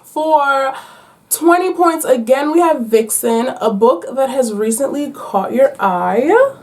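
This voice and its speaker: A woman talks to her viewers about books in a lively, chatty vlog. She uses playful slang and teases her audience. Her voice sits a little higher than most women's. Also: slow. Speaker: book vlogger. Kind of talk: casual chat to viewers. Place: at home.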